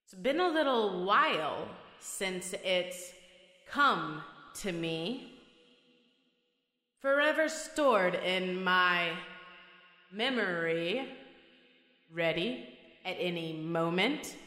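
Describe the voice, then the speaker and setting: Slow dreamy woman in heavy reverb. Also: medium pitch, bright, forceful tone. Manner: slow, dreamy, hypnotic repetition. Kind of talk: spoken-word poetry performance. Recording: heavy reverb, long echoing tail.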